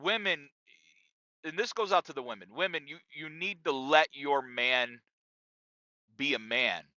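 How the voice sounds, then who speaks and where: Brash, bright-voiced man hosting a podcast. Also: fairly high pitch, measured pace, no echo, dull audio. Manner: loose, profane, talks straight to listeners. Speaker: podcast host. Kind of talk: casual monologue.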